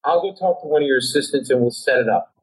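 Animated man telling a comic story. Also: medium pitch, quick pace, breathy edge, rough recording. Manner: animated, acts out voices and inner panic. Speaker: comedian guest. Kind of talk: storytelling anecdote on a talk show.

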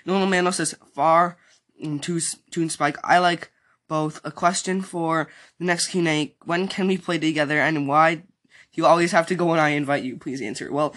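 A man's voice: on the high side, fairly even intonation, normal speed, a bit bright. A young man hosting a casual solo podcast, reading out listener comments in a rambling way with lots of fillers, his throat sore. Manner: rambling, many fillers and restarts. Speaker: podcast host.

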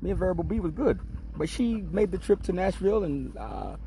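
A man's voice: high-pitched, lively intonation, fairly quick, mellow, a little hiss or hum. A man hosting a podcast, telling a long personal story in a laid-back, streetwise and profane way. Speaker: podcast host. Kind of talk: casual storytelling monologue.

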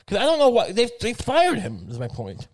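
A man's voice: high voice, huge pitch swings, brisk, a little mellow. A man delivering a rambling comedic monologue in a sardonic, crude tone. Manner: rambling and sardonic, with frequent fillers and crude swearing.

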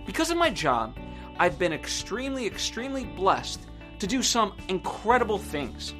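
A man's voice: high-pitched, very animated, moderate pace, music in the background. A man hosting a podcast, delivering an earnest, reflective scripted monologue. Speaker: podcast host.

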